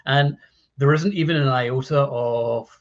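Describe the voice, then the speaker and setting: A man co-hosting a casual film discussion, recounting scenes in an animated way and padding them with fillers like "uh" and "like". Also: mid-range voice, unhurried. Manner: animated storyteller, hedging fillers like "uh" and "like". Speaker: podcast co-host. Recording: dull lo-fi audio.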